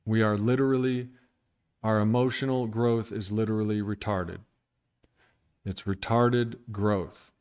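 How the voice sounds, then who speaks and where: A man's voice: fairly low pitch, steady tone, unhurried, darkish tone, smooth. A man talking candidly and bluntly about his recovery on a livestream, irritated and venting with profanity. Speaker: recovery streamer.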